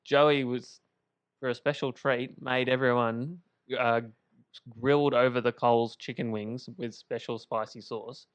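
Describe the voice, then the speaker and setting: A man's voice: medium pitch, steady tone, unhurried, smooth, no echo, highs cut off. A man co-hosting a podcast, telling stories in a playful, teasing way in a makeshift home studio. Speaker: podcast co-host. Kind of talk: casual storytelling chat.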